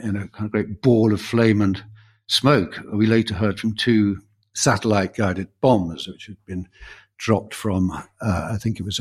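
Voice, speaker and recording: British man, low voice, podcast co-host. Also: darkish tone, husky. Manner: measured, reflective storytelling with fillers. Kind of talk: conversational history podcast chat.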